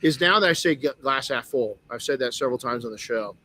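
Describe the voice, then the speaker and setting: A man's voice: mid-range voice, lively intonation, fast, sharp tone. A man hosting a motivational podcast, telling a personal story candidly with frequent restarts. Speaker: podcast host.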